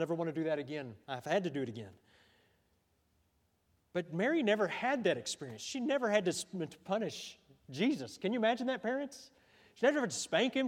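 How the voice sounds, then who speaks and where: A middle-aged man preaching a sermon as pastor, talking conversationally with frequent restarts and questions to the congregation. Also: sits high. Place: church sanctuary. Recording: long church hall reverb.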